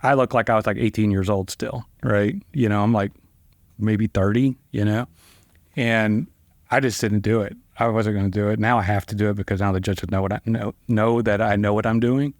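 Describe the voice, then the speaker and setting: This lively middle-aged storyteller, a trial attorney on as a guest, shares casual anecdotes at a moderate pace. Quoted lines get acted out with sharp pitch jumps, and fillers like "like" and "you know" pepper his loose, conversational speech. The sound is clean, studio quality and echo-free.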